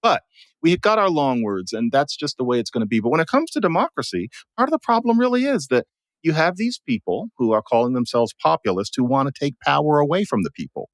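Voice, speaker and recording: A man talking in an animated, emphatic way as a regular guest commentator, explaining his ideas in a conversation. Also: a little high, brisk, dry recording. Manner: animated, emphatic, plays with sounds and voices.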